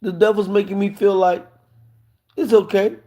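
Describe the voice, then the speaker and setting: A man with a notably high voice delivers an impassioned sermon-style monologue. He is emphatic and keeps throwing rhetorical questions at his listeners. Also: little pitch movement, moderate pace, mellow. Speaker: live streamer preaching.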